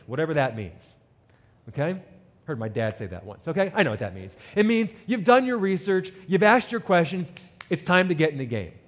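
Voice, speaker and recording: Male pastor, lively sermon voice, slightly high pitch, long hall reverb. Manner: animated preaching, reads scripture and acts out quotes.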